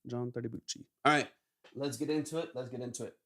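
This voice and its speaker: A man hosting a live stream in casual chat, upbeat and quick to praise. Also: mid-range voice, fairly even intonation, pushed and bright. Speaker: live stream host reviewing music submissions.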